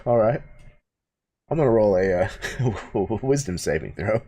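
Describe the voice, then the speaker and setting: A man's voice: on the low side, expressive, a little slow, dark tone, muffled recording. A man narrating as game master of a tabletop role-playing game, hesitant with fillers.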